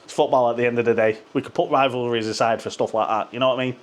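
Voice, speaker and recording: A man's voice: medium pitch, fairly even intonation, rapid-fire. A man, a football fan vlogger ranting to camera in a sweary, sarcastic, rambling way, hot and sweating. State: sweating from the heat. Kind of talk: ranting casual monologue to camera.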